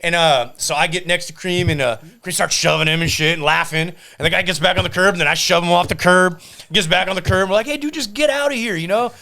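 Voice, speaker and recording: Dude w/ kinda high voice, animated, swears a lot, does the voices in his story. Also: fast, gravelly. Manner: animated, profane, acting out quotes. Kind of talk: casual storytelling.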